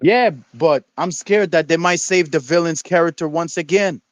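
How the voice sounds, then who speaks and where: A man co-hosting a stream, chatting casually in a rambling, halting way and often repeating words. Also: fairly high pitch, dry recording, poor audio. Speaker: stream co-host. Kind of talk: casual chat.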